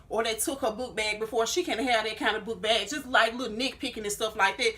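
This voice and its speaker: Fast-talking bright woman in her thirties. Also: on the high side, steady tone. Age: 30s. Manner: heated, reenacts her own arguments with lots of "I said". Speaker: vlogger. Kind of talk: storytime vlog.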